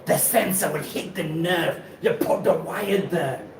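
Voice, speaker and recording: Male live-streamer, halting and repetitive, slightly high voice, recorded off-mic in a roomy, noisy space. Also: vocal fry, recorded from a distance. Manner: halting, repeats himself, laughs often. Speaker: livestream host. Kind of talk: rambling live-stream talk. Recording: echoey room, off-mic, noisy ambience.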